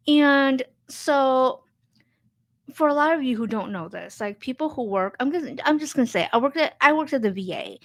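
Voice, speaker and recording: A woman's voice: high-pitched, lively intonation, normal speed. A woman in her thirties, a social worker and host, telling a personal story in a candid, emphatic way, repeating her points bluntly.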